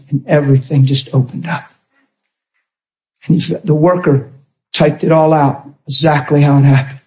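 Impassioned high-voiced male preacher. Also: poor audio. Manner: impassioned, often shouting; calls out to the congregation. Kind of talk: sermon.

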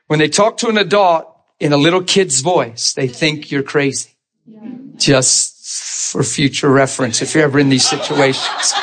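A middle-aged preacher giving a sermon testimony, telling his story in an animated way, acting out voices and laughing often. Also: fairly high pitch.

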